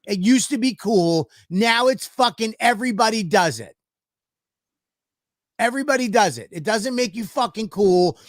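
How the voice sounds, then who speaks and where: A man's voice: high voice, no echo, clean studio sound. A man co-hosting a podcast, telling a story in a profane, ranting way. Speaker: podcast co-host. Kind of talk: casual podcast chat.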